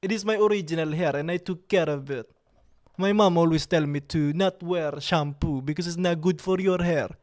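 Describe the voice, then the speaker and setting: A man hosting a livestream, chatting with viewers in a playful, vain, mock-serious way. His phrasing is halting and broken, and he drops in occasional French words. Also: a little high, a little mellow. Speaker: livestream host. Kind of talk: casual livestream chat with viewers.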